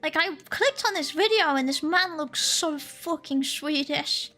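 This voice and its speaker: A woman's voice: sits high, unhurried, sharp tone. A woman chatting on a stream in a teasing, joking way, laughing often. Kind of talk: casual stream chat. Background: faint lo-fi music.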